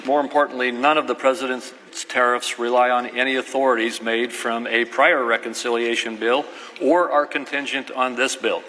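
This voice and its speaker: A man with a bright voice of middle pitch makes a calm, matter-of-fact floor rebuttal. His voice echoes through a chamber over a faint background noise. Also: normal speed. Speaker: senator. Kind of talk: formal floor speech.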